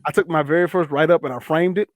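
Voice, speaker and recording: A young man co-hosting a podcast, telling a profane work story in a casual, animated way and acting out both sides of the conversation. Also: on the high side, fast. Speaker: podcast co-host.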